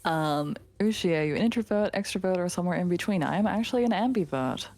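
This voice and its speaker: Brief: woman streamer, tired and giggly, low-pitched voice, faint ambient hiss, drifts into whispers. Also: expressive, fast talker. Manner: laughs often, drifts into soft whispers. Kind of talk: casual chat reading viewer comments.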